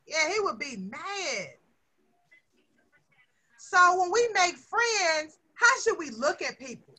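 Bright, expressive woman teacher. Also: extremely high pitch, slow. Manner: expressive, coaxing, asks children questions. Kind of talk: classroom lesson with young children.

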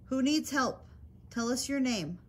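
A woman's voice: high voice, animated, a little slow. A woman paranormal investigator calling out to spirits in an old hotel, speaking in a patient, coaxing, reassuring way. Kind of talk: calling out to spirits during a ghost hunt.

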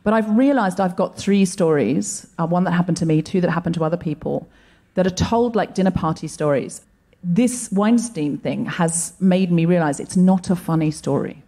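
On a comedy venue stage before a live audience, a woman co-host comedian tells earnest, reflective stories during a stand-up set. Her voice is fairly low and mellow, at normal speed.

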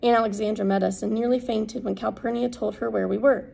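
A woman narrating an audiobook in a steady, unhurried reading. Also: fairly high pitch, vocal fry, slightly rough, low-quality recording. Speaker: audiobook reader.

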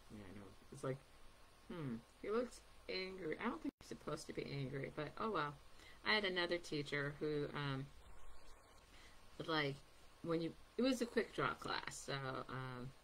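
A woman's voice: sits low, very animated, moderate pace, a bit bright, a little hiss or hum. A woman giving a casual live painting demonstration, chatty and rambling with many ums, recorded at her table at home. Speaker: artist giving a painting demo.

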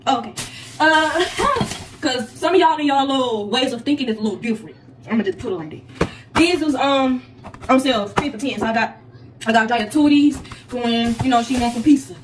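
A woman's voice: on the high side, fairly quick. A young woman hosting a casual haul vlog, chatty and slangy, talking straight to her viewers. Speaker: vlogger. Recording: echoey room, distant mic, faint noise.

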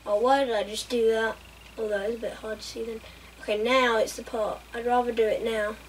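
A woman reacting out loud while playing a racing game, laughing and exclaiming often. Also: a little high, level tone, brisk. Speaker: gameplay streamer. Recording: mic a bit far off, faint room noise.

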